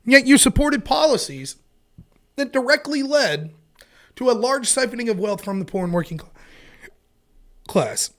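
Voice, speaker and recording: A man's voice: very high voice, lively intonation, normal speed, long pauses, a bit bright. A man in his thirties hosting a casual commentary show, telling rambling stories with frequent swearing. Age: 30s. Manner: rambling, profane storyteller. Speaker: host.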